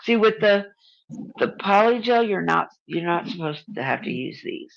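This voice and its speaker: A woman's voice: on the low side, lively intonation, normal speed, vocal fry, highs cut off. A woman hosting a casual video chat, talking bluntly, swearing freely and teasing her friend. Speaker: channel host.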